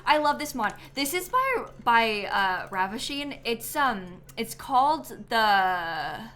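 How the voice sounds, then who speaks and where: Bright, chatty woman streamer. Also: fairly high pitch, very animated, takes it slowly, soft background music. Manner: chatty, frequent ums and likes, giggly. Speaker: game streamer. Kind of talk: casual live-stream chat.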